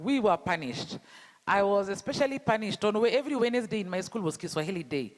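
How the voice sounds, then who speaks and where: A Kenyan man with a Luo accent speaks at a fairly high pitch, pressing his audience with rhetorical questions. His voice carries a long echo from a reverberant hall. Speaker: speaker at an education event. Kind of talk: public talk.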